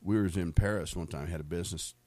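A middle-aged American man with a low, deep voice tells personal faith stories in a loose, rambling way. He restarts and repeats words and laughs now and then. The sound is dry and close. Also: fast, darkish tone, no echo. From United States. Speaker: speaker sharing faith stories. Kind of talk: casual storytelling testimony.

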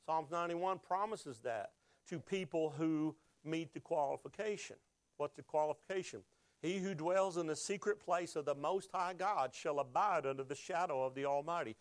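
A man's voice: a little high, normal speed, no echo. A man preaching a sermon, emotional at times and drawing the congregation into call-and-response. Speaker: pastor.

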